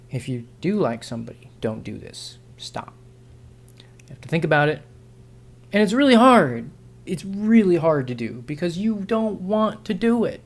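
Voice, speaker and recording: A man vlogging an unscripted opinion monologue, frustrated and sarcastic, rambling with frequent restarts and self-corrections. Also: a little high.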